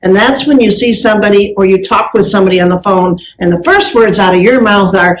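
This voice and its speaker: An older woman speaking on stage, telling lively stories that act out the dialogue. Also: medium pitch, a little fast, hardly any pauses, poor audio. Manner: animated storyteller acting out dialogue. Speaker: keynote speaker on customer service. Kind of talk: live speech with anecdotes. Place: event stage with audience.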